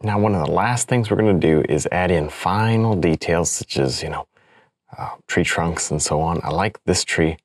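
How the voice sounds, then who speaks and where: A man's voice: low-pitched, moderate pace, dry recording, studio quality. A man demonstrating an oil painting, chatting casually and thinking aloud as he works. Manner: relaxed, chatty, thinks aloud with small laughs. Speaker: painting instructor.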